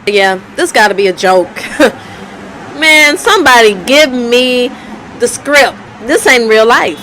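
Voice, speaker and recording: A woman's voice: on the high side, animated, slow pace, bright, forceful tone, a little hiss or hum, low-quality recording. A woman telling her life story in a candid, conversational way, often repeating herself. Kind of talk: personal storytelling vlog.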